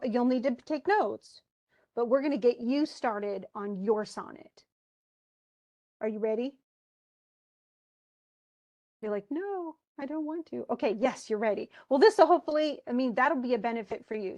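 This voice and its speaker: Lady teacher on a video call, kinda high voice, chatty, keeps guessing what students think. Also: a little mellow. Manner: chatty, explains with asides and imagined student replies. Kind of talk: online class lecture.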